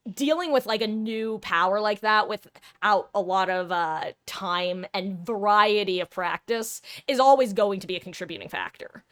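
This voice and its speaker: A woman gaming streamer in casual live-stream chat, rambling and animated, laughing often. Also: medium pitch, dry recording.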